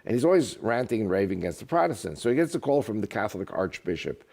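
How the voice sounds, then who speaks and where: A man's voice: lowish voice, fast, creaky. A man talking as a guest in a casual interview, telling jokes and stories. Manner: animated, joking storyteller. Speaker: guest speaker.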